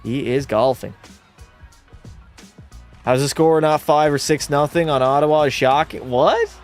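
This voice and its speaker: A young man talks through a hockey game on his live stream, calling the plays and firing blunt, jokey replies back at his chat. His voice sits a little high. Faint music plays under him. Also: expressive, measured pace. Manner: blunt, chatty, reacts to chat with jokey banter. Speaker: streamer hosting a hockey watch party.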